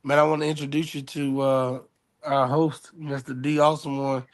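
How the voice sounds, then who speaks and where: A man chatting casually as a co-host, with a loose, rambling and animated delivery. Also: a little high, normal speed. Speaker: co-host introducing guest. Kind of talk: casual chat.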